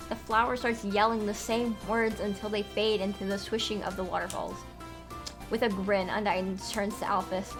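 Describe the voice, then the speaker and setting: A woman's voice: mid-range voice, steady tone, normal speed. A young woman streamer reading a visual novel aloud in a storybook narration with small slips. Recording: music playing underneath. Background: background music.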